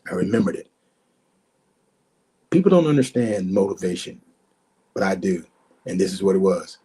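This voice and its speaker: Man in his 60s, podcast guest, emphatic storyteller who repeats himself and acts out old conversations; husky, mellow tone. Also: low-pitched, lively intonation, normal speed. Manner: emphatic, repeats words, acts out quoted exchanges. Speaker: guest, former pro running back.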